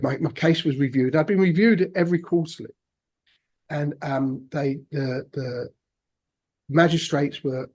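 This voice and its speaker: A man, a podcast guest telling his own story in a halting, reflective way. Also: medium pitch, a little mellow, slightly rough. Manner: halting, reflective, many restarts. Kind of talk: personal storytelling interview.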